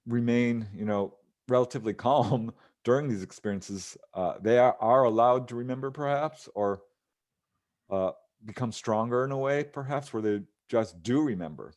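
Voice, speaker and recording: In an interview, a man with a mid-range voice recounts strange encounters in a relaxed, conversational way. He chuckles often and leans on fillers and restarts as he goes. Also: medium pitch, moderate pace. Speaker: ufologist guest. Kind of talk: casual interview storytelling.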